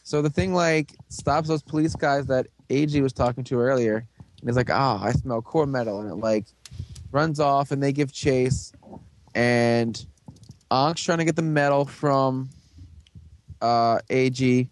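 Give me a young man hosting a laid-back chat, mid-pitched, retelling a story loosely with fillers and quick impressions. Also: slight background noise. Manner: rambling, filler-heavy retelling with quick put-on character voices. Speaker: podcast host recapping a show. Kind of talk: casual chat.

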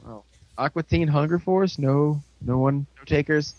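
Young male podcast host, sarcastic rambling recapper, slightly high voice, dull dry lo-fi mic. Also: a little slow, crowd noise. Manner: rambling, sarcastic, mocking voices while retelling scenes. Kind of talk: casual podcast chat, summarizing an episode.

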